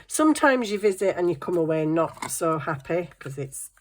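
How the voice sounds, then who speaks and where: Chatty woman, lower voice. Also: big pitch swings, moderate pace, a little hiss or hum. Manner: chatty storytelling, laughing often. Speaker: craft vlogger. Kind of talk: casual chat.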